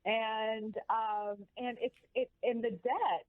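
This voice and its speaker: A woman guest on a radio interview, an animated and emphatic storyteller talking about money. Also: on the high side, takes it slowly, dry recording. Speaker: guest, financial educator. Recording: tinny phone line.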